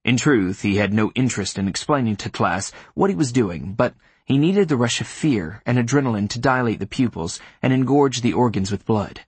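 A man narrating a thriller audiobook in a steady, measured, grim manner. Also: mid-range voice, breathy edge, no echo.

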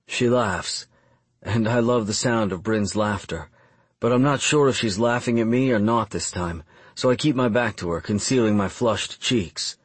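A young man reading a first-person audiobook in a calm, measured, reflective way. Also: on the low side, slightly rough, dry recording. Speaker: audiobook narrator.

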